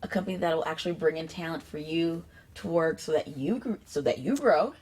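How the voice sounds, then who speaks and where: A woman's voice: low-pitched, lively intonation, fairly quick, a little mellow, husky. A woman interviewer in casual chat, agreeing supportively and adding her own remarks. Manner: supportive, frequent backchannel agreement.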